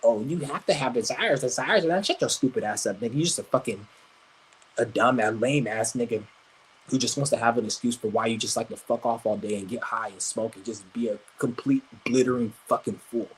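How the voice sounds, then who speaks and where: Brief: very raspy male streamer, crude combative livestream rant, keeps stammering and restarting. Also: medium pitch, a little fast, rough recording.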